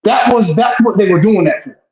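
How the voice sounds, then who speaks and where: A man who is a guest telling an emotional first-person story, animated and blunt, repeating phrases and swearing. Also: high-pitched, a little fast. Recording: echoey dull lo-fi room.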